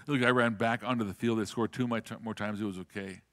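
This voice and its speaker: A man's voice: on the low side, fairly even intonation, fast talker, hardly any pauses, fairly bright tone. A man preaching a sermon, telling a story earnestly and repeating words as he starts sentences.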